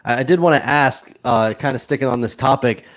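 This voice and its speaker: A man's voice: medium pitch, fairly quick, a bit bright. A man co-hosting a podcast, chatty and friendly while telling stories and asking questions. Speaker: podcast co-host. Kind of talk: casual podcast interview.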